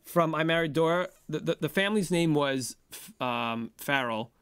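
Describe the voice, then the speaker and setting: An animated, jokey man co-hosts a podcast in casual chat, speaking at a moderate pace with a slightly high, clear, resonant voice. The studio recording is clean, with no room sound.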